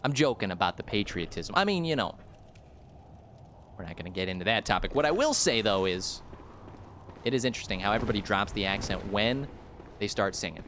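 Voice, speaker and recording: Animated, rambling young American streamer. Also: male voice, on the low side, fairly quick, long pauses, a little hiss or hum. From United States. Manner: rambling, jokey, animated, lots of fillers. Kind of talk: casual live-stream commentary.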